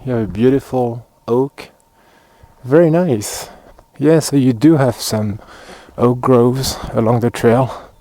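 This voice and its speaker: A man with a French accent talks his way along an outdoor hiking trail on a cold day, pointing things out as he films. He sounds slightly out of breath, his voice sits at a middling pitch, and he drifts into quiet muttered asides between remarks. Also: slow pace, no room sound, poor audio. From France. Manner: chatty, muttering asides while walking. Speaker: hiking vlogger. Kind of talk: casual walking commentary.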